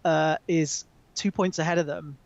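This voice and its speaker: British male guest, slightly high voice, halting, on a muffled dry call line. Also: fairly even intonation, gravelly, no room sound. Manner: hesitant, many ums, chatty. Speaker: magazine editor, guest. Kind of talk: casual chat over a call. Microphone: remote call.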